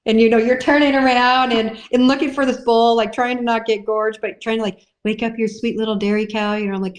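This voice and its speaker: A woman's voice: a little high, steady tone, fast talker. A woman dairy farmer as a podcast guest, chatting casually and acting out little voices in her stories. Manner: chatty storyteller, acts out voices.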